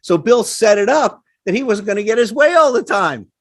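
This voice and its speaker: A man's voice: high-pitched, lively intonation, moderate pace, dry recording. A man giving a lecture to a live audience, speaking in a plain, emphatic, conversational way and often checking in with "right?". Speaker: guest speaker on addiction recovery. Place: talk in front of a seated audience.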